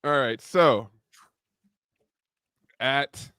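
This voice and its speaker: A man's voice: medium pitch, extremely slow, fairly bright tone, clean tone, no room sound. A man hosting a podcast mailbag in casual chat with dry, wry banter. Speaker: podcast host.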